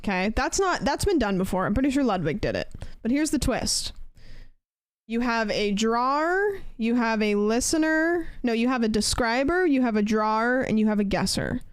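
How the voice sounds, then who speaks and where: A woman's voice: a little high, lively intonation, moderate pace, clean tone, dry recording, clean studio sound. A young woman streaming a game, chatting casually and rambling as she answers her chat. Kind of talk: casual chat while gaming.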